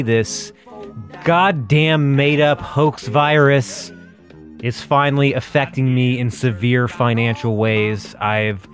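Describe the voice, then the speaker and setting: A man in his thirties from Texas, hosting his own podcast, rambling in a self-mocking way and laughing often. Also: medium pitch. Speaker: podcast host. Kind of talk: casual monologue.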